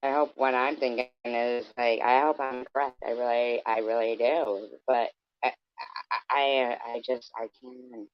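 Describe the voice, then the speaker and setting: A man's voice: medium pitch, fairly even intonation, normal speed, clear, resonant tone, dry recording. A man ranting in a scornful, profane, rambling way, as a vlogger talking casually to his viewers. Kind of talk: casual rant. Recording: dull, dry lo-fi recording.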